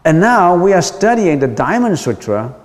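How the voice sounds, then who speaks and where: A man's voice: sits high, big pitch swings, normal speed. A man, a Buddhist monk, giving a dharma lecture in a patient way, repeating key points with frequent ums. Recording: long hall reverb.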